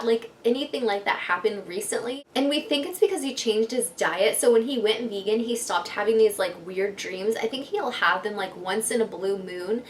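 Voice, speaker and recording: A young woman vlogger chatting through a funny storytime from her bedroom, animated, with lots of fillers. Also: fairly high pitch, moderate pace, hardly any pauses. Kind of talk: casual storytime.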